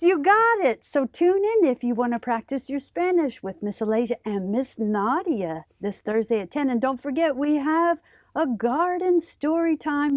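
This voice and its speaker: A woman hosting a children's library story time, speaking in a bright, encouraging way. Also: high voice, no echo, clean studio sound.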